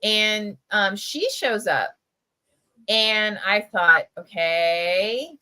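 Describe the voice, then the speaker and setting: Bright-voiced chatty woman telling a story. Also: medium pitch, extremely slow, clean tone, poor audio. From Camden, New Jersey. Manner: chatty, lots of "like" and "right?". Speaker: press editor. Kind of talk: casual livestream storytelling. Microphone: video call.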